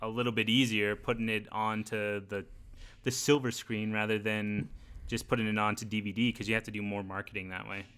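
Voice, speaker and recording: A man's voice: lowish voice, flat delivery, fairly quick, a bit bright, clean tone. A man co-hosting a casual podcast, wryly retelling scenes and quoting the characters. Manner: wry, retells scenes with put-on quotes. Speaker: podcast co-host. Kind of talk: casual chat.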